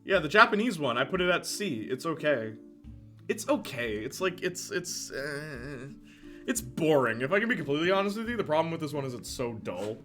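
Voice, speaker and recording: A man talks in casual live-stream chat, excitable and quick to laugh. His voice swings widely up and down and rings bright and forceful. Soft guitar music plays faintly behind him. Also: on the high side. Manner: excitable, chatty, laughs often, reacts to chat. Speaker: streamer ranking movies.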